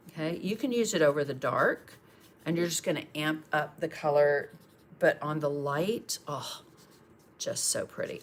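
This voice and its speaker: A woman's voice: deep voice, vocal fry, slight background noise. A woman, chatting and encouraging while she demonstrates painting on a livestream.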